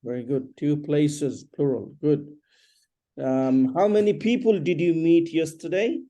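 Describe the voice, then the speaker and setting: A man teaching an English lesson one on one, patiently repeating questions and explaining slowly. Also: fairly high pitch, mellow.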